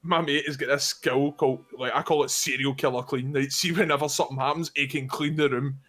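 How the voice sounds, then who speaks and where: A man's voice: medium pitch, fairly even intonation, a little fast, fairly bright tone. A young Scottish man on a podcast, telling a rowdy anecdote in casual, sweary chat and laughing along the way. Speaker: podcast co-host.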